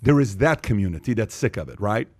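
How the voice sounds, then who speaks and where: A man hosting a podcast in casual chat, animated, who repeats his points for emphasis and acts out the voices of people he quotes. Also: lowish voice, fast talker, dry recording. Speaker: podcast host.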